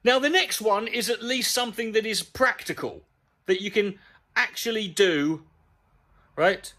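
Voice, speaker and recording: A man's voice: high voice, a little slow, bright, forceful tone. A man ranting sarcastically and profanely as he reads an article aloud and picks it apart. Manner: sarcastic, profane, exasperated asides. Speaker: comedy YouTuber. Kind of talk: sweary comedic rant reading an article aloud.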